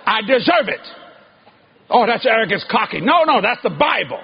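Male preacher, very high voice, emphatic sermon, dull lo-fi sound with faint hiss. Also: very animated, brisk. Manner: emphatic, shouting at peaks. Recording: dull lo-fi recording with faint noise.

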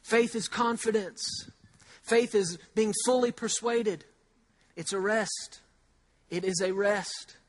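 A male pastor preaching a sermon in a conversational way, asking rhetorical questions and slowly repeating key phrases for emphasis. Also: high-pitched, steady tone.

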